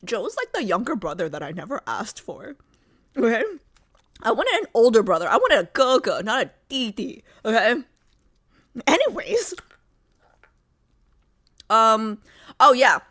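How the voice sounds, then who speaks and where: A young woman livestreaming and chatting with her viewers, with a bright, pointed voice that sits a little high. She rambles and circles back, piling up fillers and asides as she talks. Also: wildly swooping pitch, unhurried, long pauses. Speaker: livestream host. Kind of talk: casual chat with live viewers.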